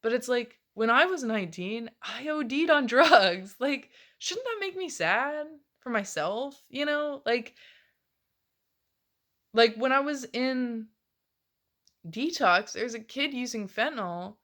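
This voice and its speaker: A woman's voice: a little high, expressive, measured pace, pushed and bright. A woman in her late twenties rambling casually in a confessional vlog, swearing often and laughing between phrases. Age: late 20s. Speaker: vlogger.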